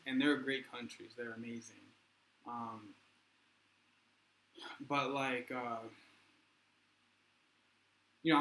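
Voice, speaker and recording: Bright-voiced man in an echoey room. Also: mid-range voice. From United States. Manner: rambling, loose and conversational. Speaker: vlogger. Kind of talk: casual vlog commentary. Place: indoors in Russia.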